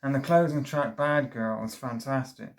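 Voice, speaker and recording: A man hosts a casual review monologue about a record. He talks at an ordinary middle pitch. He is eager and wandering, with plenty of ums and half-finished phrases as he piles on praise. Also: normal speed. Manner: enthusiastic, rambling with many fillers and restarts.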